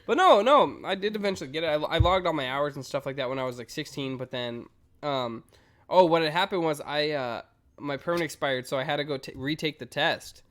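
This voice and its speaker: A man's voice: fairly high pitch, a little fast. A young man from Las Vegas co-hosting a podcast, telling stories casually and acting out what people said. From Las Vegas, USA. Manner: animated storyteller, acts out quotes; casual, heavy filler words. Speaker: podcast co-host. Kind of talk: casual chat.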